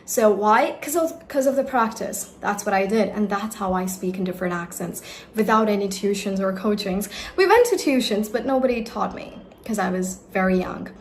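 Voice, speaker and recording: Lively young woman telling her story. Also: mid-range voice, normal speed, slight background noise. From India. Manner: emphatic, lively, direct advice to viewers. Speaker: accent coach. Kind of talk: personal storytelling vlog.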